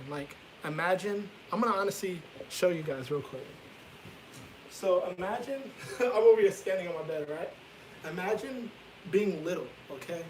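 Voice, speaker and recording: A man's voice: high voice, a little hiss or hum, rough recording. A young man vlogging a casual storytime from his bedroom, candid and rambling, swearing freely as he talks.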